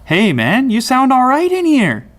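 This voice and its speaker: A man's voice: extremely high pitch, wildly swooping pitch, unhurried, a bit bright. A man doing a casual unboxing review in an amazed, joking, chatty way. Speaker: tech reviewer.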